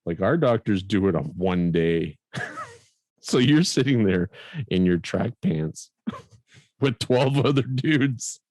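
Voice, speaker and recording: A man from Canada co-hosting a podcast, telling a story in a casual, animated way and laughing often. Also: on the low side, slow pace, pauses often, no echo, clean studio sound. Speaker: podcast co-host.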